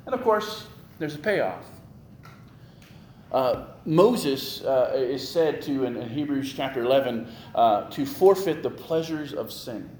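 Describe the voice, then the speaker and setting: A man's voice: medium pitch, slow pace. Man preaching in an echoey church. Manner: animated preaching with rising emphasis and repetition. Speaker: pastor. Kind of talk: sermon. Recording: echoey room with faint ambient noise.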